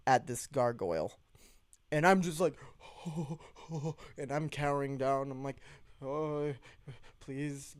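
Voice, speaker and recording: A young man casually telling a story from his own life, halting and restarting, acting out his reactions along the way. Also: mid-range voice, dry recording. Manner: animated, halting, with many restarts and acted-out reactions.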